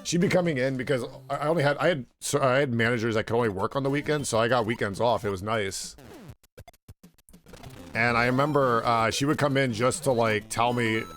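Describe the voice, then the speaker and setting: Man, young adult, game streamer, casual rambling chat, cursing, soft background music. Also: medium pitch, a little fast. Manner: rambling storytelling, swears freely, filler "like". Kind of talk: casual chat while gaming.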